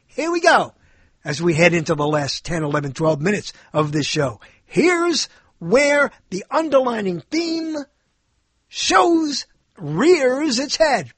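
A man's voice: high voice, sing-song, a little slow, a bit bright, slightly rough, dry recording. A male show host talking in a casual, rambling monologue, joking and often stumbling and correcting himself.

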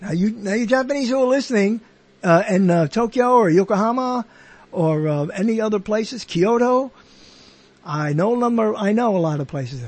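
A man's voice: high voice, lively intonation, normal speed, a little mellow. A man hosting his own show, talking in a casual, rambling monologue that is joking, self-deprecating and full of digressions. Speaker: host.

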